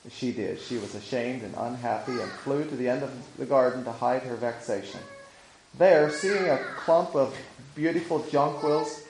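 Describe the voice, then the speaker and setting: A man reading an old-fashioned storybook aloud in a measured, steady way. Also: medium pitch. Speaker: narrator. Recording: echoey room with faint noise.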